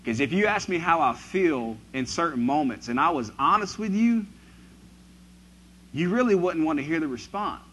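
A man preaching a sermon who moves from quiet, reflective passages to loud, emphatic ones. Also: on the high side, animated, moderate pace, slightly rough, poor audio.

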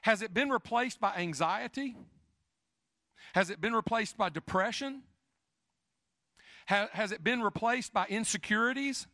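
Gravelly, bright-voiced male pastor preaching. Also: a little slow, pauses often, no echo, studio quality. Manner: swings between loud emphatic peaks and quiet confessional low talk; repetitive, building lists of questions. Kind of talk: sermon.

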